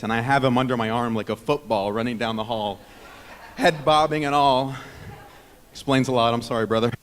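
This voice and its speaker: Heartfelt man toasting in an echoing hall. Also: mid-range voice. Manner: heartfelt, rambling, self-teasing. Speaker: best man giving a wedding toast. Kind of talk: wedding speech. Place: wedding reception hall. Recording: long reverb of a reception hall.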